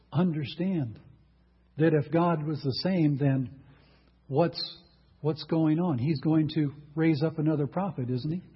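A man's voice: on the high side, slightly rough, dull audio. A man preaching a sermon, emphatic, asking the congregation rhetorical questions.

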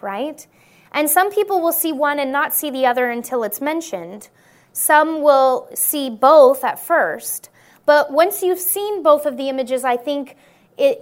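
A Christian woman with a high voice delivers an earnest, testimony-style sermon to an audience. She keeps checking in with her listeners by asking "right?"

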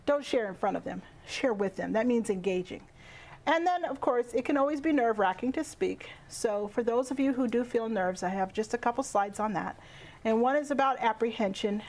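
A woman with a fairly high voice leads a public speaking workshop. She is animated and playful, chats with her audience and laughs often. She speaks into a handheld microphone in a lecture room.

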